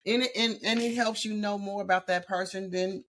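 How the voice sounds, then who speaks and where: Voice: mid-range voice, steady tone, a little fast, a bit bright, slight background noise. A podcast co-host in casual chat who thinks aloud and builds each point step by step. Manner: reflective, builds points step by step, many backchannels.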